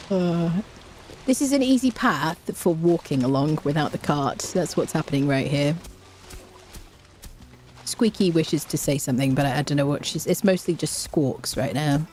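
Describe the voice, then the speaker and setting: A woman's voice: sits low, unhurried, long pauses, a little mellow. A woman streaming a video game with casual, chatty commentary, humming little tunes as she plays. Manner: chatty and playful, hums tunes while playing. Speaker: gaming streamer. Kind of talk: casual let's-play commentary.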